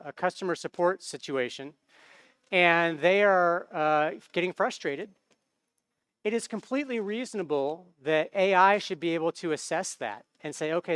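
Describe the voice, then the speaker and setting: Smooth-voiced American man giving a talk. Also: high-pitched, a bit bright, dry recording. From United States. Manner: casual, conversational, many fillers and tag questions. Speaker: conference speaker. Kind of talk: conference talk. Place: conference stage. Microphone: microphone.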